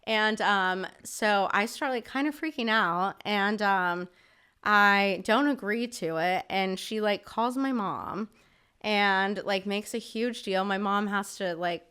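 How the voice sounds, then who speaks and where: A woman's voice: medium pitch, slow pace, bright, forceful tone, clean tone. A woman guest on a podcast telling a story in a casual, chatty way, filling her talk with "like" and swearing freely. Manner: chatty, filler-heavy with frequent "like", swears freely.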